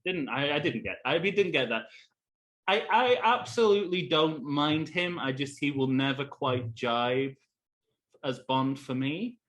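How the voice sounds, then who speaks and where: Male podcast co-host, casual and halting, restarts often and lets his lines fade. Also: a little high. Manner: halting, many restarts, trails off quietly. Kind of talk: casual film discussion.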